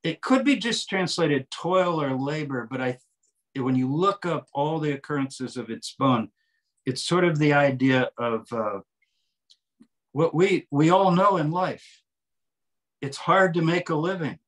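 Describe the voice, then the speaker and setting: An animated older man with a fairly high voice explains scripture at a measured pace. He's an author and translator appearing as a guest in a conversational interview, explaining with examples and quoted readings.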